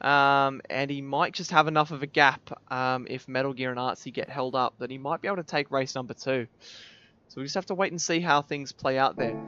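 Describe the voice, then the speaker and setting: Aussie guy commentating a sim race, high bright voice, gets shouty when it kicks off, kinda dull lo-fi mic. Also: no room sound. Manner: excitable play-by-play, rising to shouts at big moments. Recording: slightly dull lo-fi mic with faint noise.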